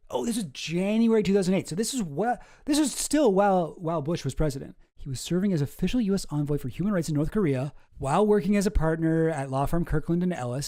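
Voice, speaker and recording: A man's voice: on the high side, dark tone. A man hosting his channel, reading through documents and commenting in a rambling, profane way that keeps interrupting itself. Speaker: channel host.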